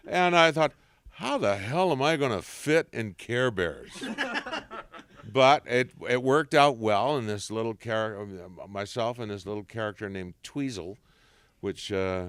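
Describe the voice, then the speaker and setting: Jovial man with a smooth, dry voice. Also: on the low side, animated, normal speed, fairly bright tone, no room sound. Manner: jovial storyteller, slips into voices and big laughs. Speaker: voice actor guest. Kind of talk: convention interview chat. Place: convention room.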